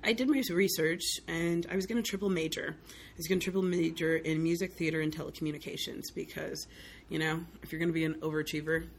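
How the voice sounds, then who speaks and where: A woman's voice: low voice, fast, a little hiss or hum. A young woman from the Southern United States, a guest telling stories in casual conversation and acting out the voices of the people in them. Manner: animated storyteller, acts out quoted voices, laughs often. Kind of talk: casual chat.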